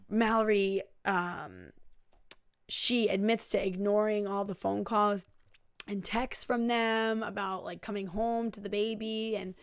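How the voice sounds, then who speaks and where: A woman's voice: mid-range voice, no room sound, studio quality. A woman hosting a casual recap of a reality TV episode, chatty and full of fillers, giving blunt opinions. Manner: chatty, filler-heavy with um, like and you know. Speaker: TV recap show host.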